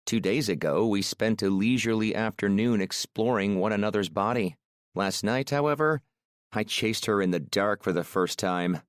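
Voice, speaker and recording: A man narrating a first-person romance audiobook in a calm, measured, brooding way on a close studio mic. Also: fairly low pitch, no room sound.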